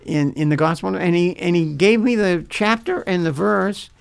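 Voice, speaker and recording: Older man, pastor, gravelly voice, a bit high, earnest, halting storytelling. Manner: earnest, halting, repeats words as he recalls. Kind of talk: personal storytelling in a faith interview.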